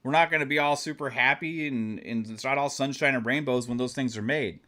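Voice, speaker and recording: A man in mid-range pitch hosting a live gaming stream, talking with heated passion. He swears freely and speaks straight to his viewers. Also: a little fast, sharp tone. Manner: impassioned, profane ranting; talks straight to the audience. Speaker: gaming channel host.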